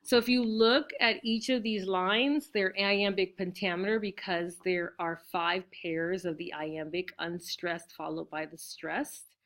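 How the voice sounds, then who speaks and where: A woman with a fairly low voice talks through a classroom lesson. She explains patiently and often checks in with a quick "right?". Her delivery is loose and unscripted, with small fillers and restarts. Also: fairly even intonation, fairly bright tone. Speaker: teacher.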